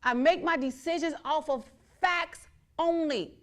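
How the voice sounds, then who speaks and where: Defiant, high-voiced woman host. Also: unhurried. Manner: blunt, defiant, repetitive emphatic declarations. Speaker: elected official hosting her own show. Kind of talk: outspoken monologue to viewers.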